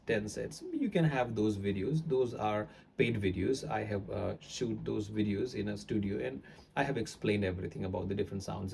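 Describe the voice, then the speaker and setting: Mellow low-voiced male accent tutor. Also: vocal fry, slight background noise. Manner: rambling, explanatory, with frequent pauses. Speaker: accent teacher. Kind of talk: teaching monologue to camera.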